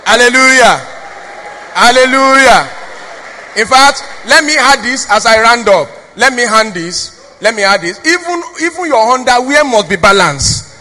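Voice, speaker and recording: This woman, a preacher and pastor's wife with a Nigerian accent, delivers an expressive sermon at normal speed, drawing call-and-response answers from the congregation. Her slightly high voice has a sharp tone, heard through the long reverb of a church hall.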